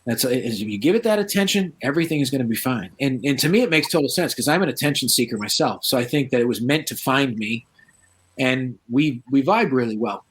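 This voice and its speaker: A man's voice: mid-range voice, a little fast, breathy edge. A man, a paranormal researcher, telling stories in a casual interview and acting out the voices of the people he quotes. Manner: animated, acts out quoted voices.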